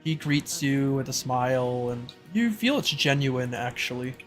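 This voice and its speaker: A man narrating as game master in a casual, halting way with many fillers. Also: medium pitch, expressive, music in the background.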